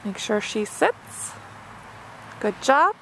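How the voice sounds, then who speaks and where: A woman's voice: a little high, sing-song, drawn-out words, fairly bright tone, slight background noise. A woman dog trainer narrating an obedience demonstration step by step, with a patient and encouraging manner. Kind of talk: instructional narration.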